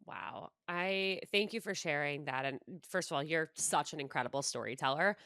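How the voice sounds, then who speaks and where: A woman's voice: sits low, moderate pace, clear, resonant tone, dry recording, studio quality. A woman hosting a podcast, asking questions in a chatty way, with lots of "like" and "you know". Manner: warm, chatty, filler-heavy. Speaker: podcast host. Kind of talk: conversational interview.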